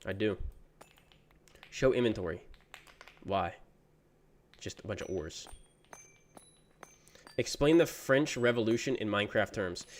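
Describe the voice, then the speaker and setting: A man's voice: lowish voice, expressive, unhurried, pauses often. A young man chatting casually on a gaming livestream, reading chat messages aloud and answering them in a laid-back, slangy way. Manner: slangy, says "bro" often. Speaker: gaming streamer.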